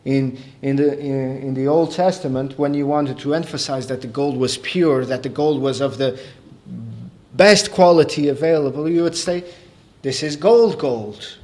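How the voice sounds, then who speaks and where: A man preaching a sermon, explaining calmly and then building to raised, emphatic delivery. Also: medium pitch, normal speed.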